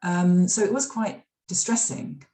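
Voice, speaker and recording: A woman's voice: on the low side, a little slow, warm tone. A middle-aged woman from the UK, an author telling stories in a library interview, chatty, with lots of fillers and restarts. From United Kingdom. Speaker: author and former radio drama scriptwriter. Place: library event room. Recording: echoey room.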